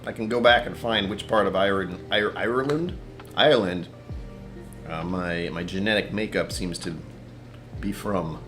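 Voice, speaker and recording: A man's voice: deep voice, steady tone, moderate pace, fairly bright tone, faint music behind. A man hosting a casual whiskey-tasting livestream from his apartment, rambling, talking to himself and chuckling often.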